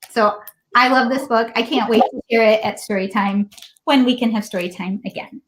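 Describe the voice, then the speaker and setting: A woman librarian guest in a casual chat, describing a book with animated storytelling. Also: a little high, moderate pace, slight background noise, poor audio. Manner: animated storytelling, acts out lines.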